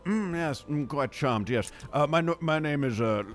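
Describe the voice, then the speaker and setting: A man playing a smooth-talking, scheming male lord in a tabletop role-play, in a pompous mock-aristocratic voice. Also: fairly high pitch, moderate pace, faint music behind. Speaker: player.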